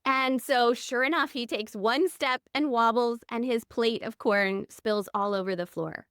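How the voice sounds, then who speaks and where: A woman's voice: a little high, unhurried, fairly bright tone, smooth, no room sound, clean studio sound. A woman in her thirties, a podcast guest telling personal stories in an earnest, candid way. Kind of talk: reflective interview conversation.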